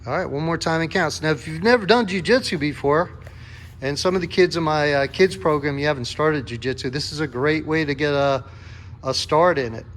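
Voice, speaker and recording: A man's voice: a little high, fairly quick, fairly bright tone, a little hiss or hum. A man coaching a kids' jiu-jitsu class, calling out counts and encouraging a young helper. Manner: upbeat, encouraging, calls out counts.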